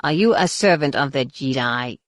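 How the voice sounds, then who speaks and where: A woman voicing a cold, measured male supreme overlord in an audiobook. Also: rumbling low, lively intonation, no echo, studio quality.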